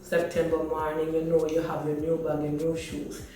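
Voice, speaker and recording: A woman's voice: deep voice, completely flat delivery, normal speed, mellow, soft background music. Woman in her thirties, Jamaican accent, earnest and emotional vlog storytelling, very echoey room, a little far from the mic. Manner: earnest, emotional, speaks straight to viewers. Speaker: vlogger. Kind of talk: personal storytelling to camera. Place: small hot library room at home, indoors.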